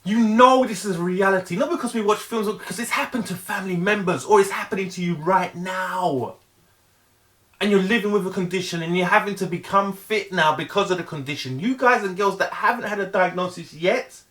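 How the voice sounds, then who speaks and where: Earnest high-voiced man. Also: fairly bright tone. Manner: earnest, emphatic, heavily repetitive; halting restarts. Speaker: vlogger. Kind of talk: motivational monologue.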